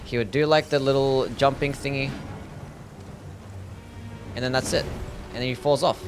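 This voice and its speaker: A man's voice: mid-range voice, steady tone, moderate pace, music in the background. Chatty man streaming a game. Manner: chatty, swearing, reads chat aloud, laughs easily. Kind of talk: casual livestream commentary.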